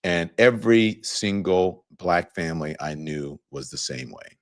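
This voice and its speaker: A man in his fifties from Louisiana, hosting a show and telling a relaxed personal story to viewers in a casual monologue. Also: deep voice, unhurried. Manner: relaxed storytelling, conversational, many fillers. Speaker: show host.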